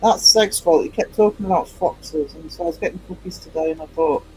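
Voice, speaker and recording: A rambling, chatty man talks casually to his live-stream viewers while he works on his art. His voice sits a little high for a man, and he laughs easily. Faint music plays quietly behind him. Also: fairly quick, poor audio.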